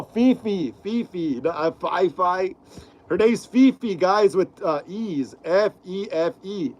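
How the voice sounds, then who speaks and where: A man's voice: high voice, darkish tone, highs cut off. A young man hosting a casual live stream, reading out viewer comments in laid-back slang with lots of fillers.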